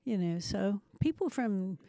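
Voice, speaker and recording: A woman's voice: medium pitch, expressive, a little slow, creaky, warm tone, dry recording. A woman in her seventies from New Zealand, with a faint New Zealand accent, telling her life story as an interview guest with self-mocking asides. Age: 70s. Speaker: guest missionary. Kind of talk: testimony interview.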